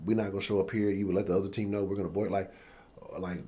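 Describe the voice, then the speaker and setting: A man's voice: sits low, little pitch movement, racing, dark tone. A man hosting a live-stream sports talk show, ranting bluntly and profanely. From Houston area.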